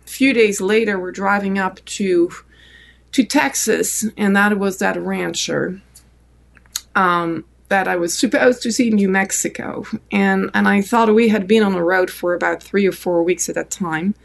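A woman from France with a French accent, a podcast guest telling a long personal story in a relaxed way, with many fillers. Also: mid-range voice, unhurried, vocal fry.

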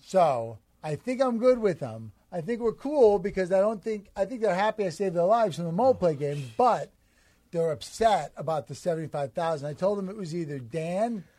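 Higher-voiced man spinning an absurd story. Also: normal speed, no echo. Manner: rambling deadpan tall tale with acted-out quotes. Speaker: podcast co-host.

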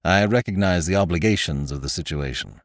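A man voicing a courteous young gentleman who speaks formally. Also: deep voice, brisk, dry recording, studio quality.

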